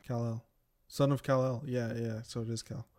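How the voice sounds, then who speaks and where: A man's voice: mid-range voice, little pitch movement, normal speed, darkish tone. A young man co-hosting a podcast, chatting casually and jokingly, rambling with lots of fillers. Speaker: podcast co-host.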